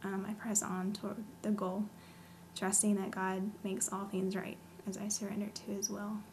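A woman guest sharing a personal faith testimony in a soft-spoken, sincere way. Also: medium pitch, monotone, normal speed, slight background noise.

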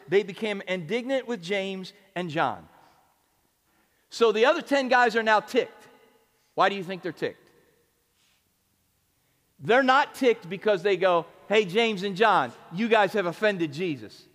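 A male pastor preaching a sermon in a relaxed, conversational way, asking his listeners questions. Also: high-pitched, measured pace, long pauses. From United States. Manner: conversational, asks the audience questions. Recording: long church reverb.

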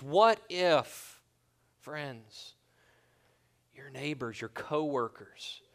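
A man's voice: on the high side, fairly bright tone. A man pastor preaching a sermon in an earnest, conversational way with colloquial asides.

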